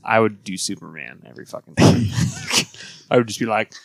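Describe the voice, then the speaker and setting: A man's voice: on the low side, animated, moderate pace, gravelly, no room sound, low-quality recording. A man co-hosting a comics podcast, speaking bluntly and profanely in casual chat. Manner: blunt, profane, laughs often. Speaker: podcast co-host.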